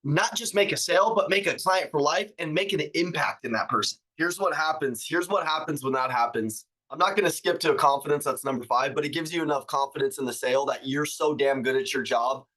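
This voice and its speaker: A man's voice: a little high, fairly quick, few pauses, bright, forceful tone, rough recording. A man coaching salespeople on a live stream, emphatic and fired up, blunt and swearing for punch. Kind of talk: motivational live-stream talk.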